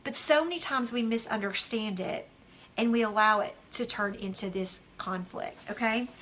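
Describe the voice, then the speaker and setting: A middle-aged woman giving a devotional teaching talk, telling candid stories with animated delivery and acting out what people said. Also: fairly high pitch. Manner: animated, candid storytelling that acts out its own quotes. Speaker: devotional author and speaker.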